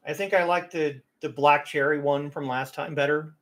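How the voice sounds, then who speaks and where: A man's voice: a little high, steady tone, normal speed, fairly bright tone. A man hosting a casual livestream, talking in an opinionated, emphatic way about getting pronunciation right. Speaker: livestream host.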